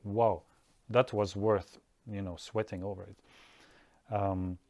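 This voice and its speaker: A man who teaches drawing, talking through his ideas in a relaxed podcast-style monologue, restarting sentences and acting out quotes. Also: fairly low pitch, no room sound, highs cut off. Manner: thoughtful, unhurried, many restarts and acted-out quotes. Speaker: art teacher. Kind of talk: casual podcast-style talk.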